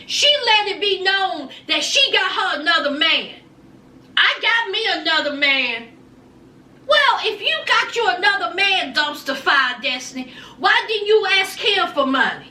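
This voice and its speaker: Sassy woman, very high voice, slow delivery, dramatic reality-show recap, echoey room, mic at a distance. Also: pushed and bright. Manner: sassy, dramatic, addresses viewers directly.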